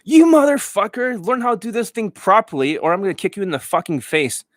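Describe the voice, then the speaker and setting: A man's voice: high voice, big pitch swings, brisk, no echo, studio quality, pitched above the performer's own voice. A man doing an impression of a furious male dating coach who swears and insults his students. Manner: yelling, profane, insulting.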